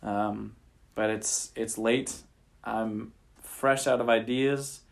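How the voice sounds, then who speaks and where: A man's voice: lowish voice, fairly even intonation, takes it slowly, creaky. A man improvising a bedtime story for his children at home at night, talking casually and thinking aloud into a handheld recorder. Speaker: father telling a bedtime story.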